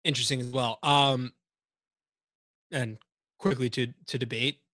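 A man's voice: mid-range voice, steady tone, measured pace, bright, forceful tone, no echo. A man hosting a podcast, chatting casually in a joking, rambling way and swearing freely. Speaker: podcast host. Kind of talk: casual chat.

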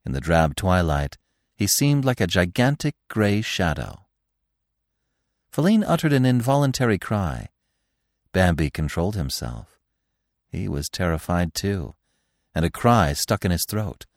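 A man's voice: deep voice, sing-song, unhurried, long pauses, dry recording, clean studio sound. A man narrating a classic children's story expressively as a podcast host. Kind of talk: audiobook narration.

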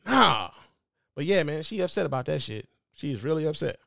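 Man in his forties, show host, casual commentary, animated and profane, fairly high voice, dry sound. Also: fairly quick, gravelly, dry recording. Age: 40s.

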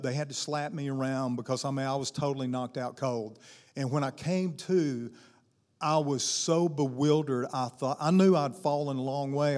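Pastor, male, mid-pitched, sermon storytelling, loud peaks and quiet slow passages, long reverberant church sound. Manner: storytelling, punctuated by "y'all", shifts between loud emphasis and hushed slow lines. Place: church sanctuary.

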